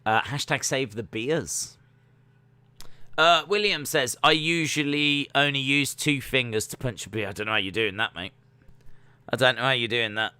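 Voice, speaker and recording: A man with a bright, forward voice runs a casual live watch-along stream. He jokes and rambles through the sport, reading out chat and pausing on plenty of fillers. The sound is close and dry, with no room echo. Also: mid-range voice, smooth. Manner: jokey, rambling, many fillers.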